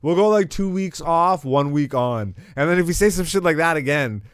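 Profane, laughing podcast host, animated. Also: male voice, on the high side, normal speed, clean tone, no echo, studio quality. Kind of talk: casual chat.

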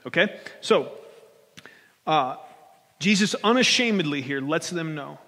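A man's voice: a little high, lively intonation, measured pace, pushed and bright. Conversational male pastor in echoing hall. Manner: conversational, checks in with the crowd. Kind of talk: sermon. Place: church sanctuary. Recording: long church hall reverb.

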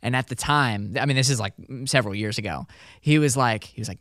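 A man's voice: mid-range voice, fairly quick, fairly bright tone, dry recording, clean studio sound. A man co-hosting a podcast, talking in a rambling, self-deprecating way with lots of fillers. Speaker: podcast co-host. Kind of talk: casual podcast chat.

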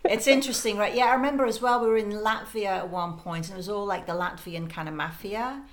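A woman guest in a casual chat, telling lively anecdotes and acting out quotes. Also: medium pitch, fast. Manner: animated anecdotes with playful put-on quotes.

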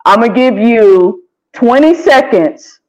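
A man's voice: extremely high pitch, animated, takes it slowly, a little mellow, poor audio. A man hosting a podcast, running a music quiz game in casual, playful, slangy chat with lots of restarts. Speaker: podcast host.

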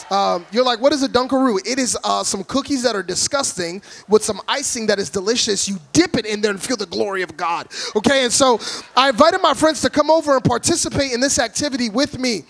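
High-voiced, loud joking preacher man. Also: creaky. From Orlando, Florida, USA. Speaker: guest preacher. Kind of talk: humorous sermon to a congregation. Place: church before a live congregation.

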